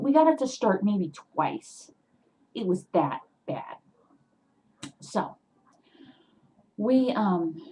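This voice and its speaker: A woman telling an animated story to her webcam at home, getting loud and worked up as she goes. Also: lowish voice, slightly rough, dull audio. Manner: animated, swings into loud agitated retelling. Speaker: vlogger.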